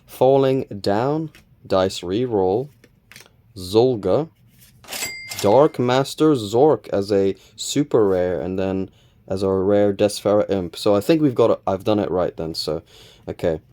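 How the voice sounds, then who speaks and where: A man hosting a casual unboxing video, calmly counting cards and reading their names aloud with small self-corrections. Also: on the low side, slow. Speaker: channel host opening card packs.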